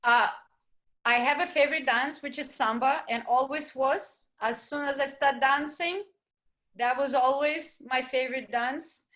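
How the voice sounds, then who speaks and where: A woman dancer recounts her experiences in an interview, her voice sitting a little high and full of expression. She talks animatedly and sometimes searches for words. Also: steady tone, measured pace, fairly bright tone. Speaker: ballroom dancer and teacher. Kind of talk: interview storytelling.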